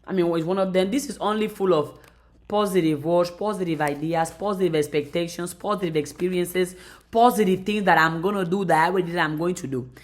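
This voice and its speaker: A woman's voice: fairly low pitch, brisk. A woman motivational speaker talking on a live stream, driving her points home with emphatic, repeated phrases.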